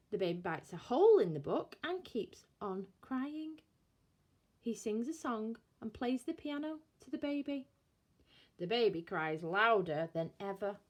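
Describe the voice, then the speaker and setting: A woman reading a bedtime story aloud in a slow, expressive storytelling manner. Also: on the high side.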